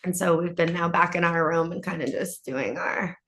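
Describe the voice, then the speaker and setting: A woman's voice: on the low side, normal speed, a bit bright, slight background noise. A woman co-hosting a casual chat from a hotel room, losing her voice, talking loosely with lots of "like" and the odd swear word. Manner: chatty, laughs often, swears casually. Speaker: co-host.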